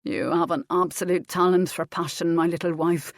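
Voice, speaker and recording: A woman reading the part of a grown Scottish border laird, gruff and commanding with a teasing edge. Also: fairly low pitch, fairly even intonation, normal speed, dry recording, studio quality, close to an everyday voice.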